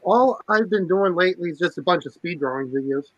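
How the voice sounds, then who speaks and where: A man's voice: sits high, expressive, fairly quick, a bit bright, no room sound, lo-fi sound. A man guesting on a casual stream, speaking politely and hesitantly. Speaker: guest artist. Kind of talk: casual chat.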